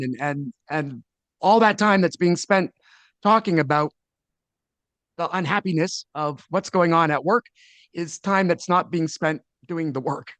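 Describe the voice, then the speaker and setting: Earnest man, slightly high voice. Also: a bit bright, no echo. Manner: earnest, with many restarts. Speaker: podcast guest, leadership speaker. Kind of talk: conversational interview.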